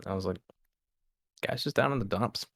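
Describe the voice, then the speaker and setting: Low-voiced teasing podcast man. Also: normal speed, gravelly, no room sound, studio quality. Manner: teasing, laughing, deadpan jabs. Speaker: podcast co-host. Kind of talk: casual chat.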